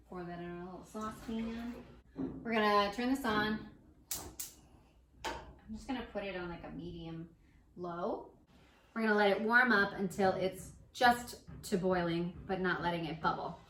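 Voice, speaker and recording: A woman's voice: medium pitch, a bit bright. A young woman hosting a casual home baking show, walking through a recipe with playful, self-mocking asides in her kitchen. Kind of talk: casual cooking tutorial. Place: home kitchen with construction noise outside. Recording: echoey kitchen with construction noise.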